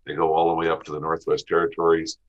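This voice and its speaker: A man's voice: extremely low pitch, monotone, fast, muffled recording. A Canadian man from the west of the country, a podcast guest talking easily about hunting seasons and terrain. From Western Canada. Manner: easygoing, lists places and seasons. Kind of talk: casual podcast interview.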